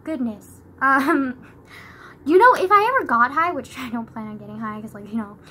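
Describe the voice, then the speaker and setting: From her bedroom, a young woman rambles casually into a phone camera, laughing often and filling nearly every phrase with "like." Her high, expressive voice moves at normal speed, with a sharp tone and a breathy edge.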